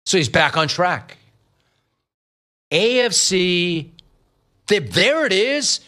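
A middle-aged man hosting a sports talk radio show, riffing lively on callers and the news. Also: high-pitched, slow. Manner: lively, riffing, mock-quoting callers and family.

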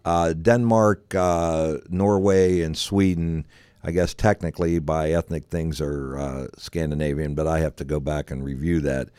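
A man's voice: very deep voice, steady tone, measured pace, darkish tone, smooth, no room sound. A man hosting a casual podcast, telling rambling stories with lots of fillers and chuckles. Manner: rambling storyteller, many fillers and laughs. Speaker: podcast host. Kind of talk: casual chat.

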